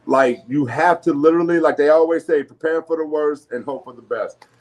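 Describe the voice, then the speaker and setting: A man's voice: a little high, a little fast. Laid-back New Orleans man hosting. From New Orleans area. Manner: loose, laughing, swearing freely, restarts often. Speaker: podcast host. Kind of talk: casual podcast chat.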